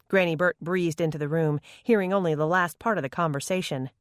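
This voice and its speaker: Dry, even audiobook narrator. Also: female voice, on the low side, brisk, no echo.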